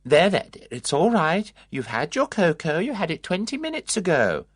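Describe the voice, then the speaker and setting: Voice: mid-range voice, very animated, normal speed, slightly rough, dry recording, studio quality, pitched above the performer's own voice. A reader voicing a nurse who speaks in a patient, soothing way.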